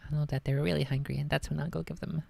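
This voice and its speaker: Gravelly woman streamer chatting casually. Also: sits low, steady tone, fast talker, warm tone. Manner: chatty, self-critical, swears and laughs often. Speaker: streamer reading a novel aloud. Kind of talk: casual live-stream chat and reading.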